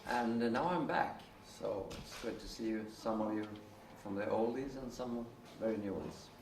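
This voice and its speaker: A man from Sweden, introducing himself at a conference, slow and halting with many fillers. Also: fairly low pitch. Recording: echoey hall, distant mic, hiss.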